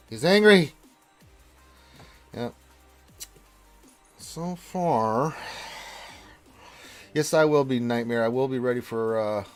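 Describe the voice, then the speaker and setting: Playful man streaming a game. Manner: playful, talks to game characters, swings between loud and low. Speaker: gaming streamer. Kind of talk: live game commentary.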